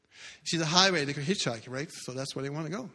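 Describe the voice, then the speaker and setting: Bright-voiced man preaching in a reverberant hall. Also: fast. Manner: dramatic, swings from loud bursts to hushed low lines. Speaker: pastor. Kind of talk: sermon storytelling.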